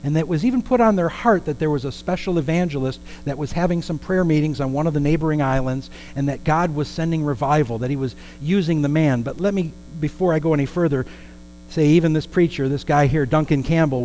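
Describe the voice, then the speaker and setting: A man's voice: a little high, brisk, mellow, slight background noise, poor audio. A man preaching a storytelling sermon in a conversational way, with asides and questions to the congregation.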